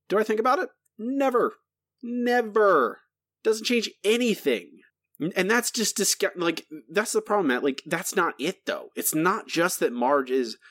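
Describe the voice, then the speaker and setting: A man rants through a casual podcast chat, exasperated and wound up. His pitch swings widely as he talks, leaping high and dropping low. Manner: exasperated, ranting, animated. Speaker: podcast co-host.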